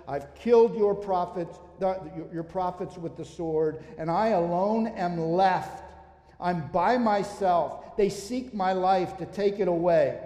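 A man preaching with a slightly high voice, pushing hard at his big moments and then sinking almost to a murmur. His voice rings through a large, echoey hall with a long reverb tail. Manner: rises to emphatic peaks then drops to quiet, low asides. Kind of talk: sermon.

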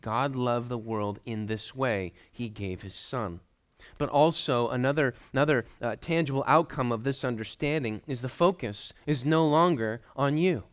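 Here a man delivers a sermon with emphatic sincerity, his voice dropping low as each line closes while he returns to key phrases. He speaks at normal speed in a clear, resonant tone.

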